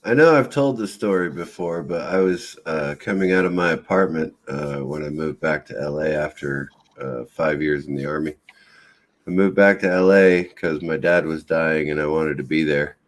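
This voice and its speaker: Deep-voiced calm man telling a story. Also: moderate pace. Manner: calm, laughs while telling his story. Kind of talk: casual chat, telling a story.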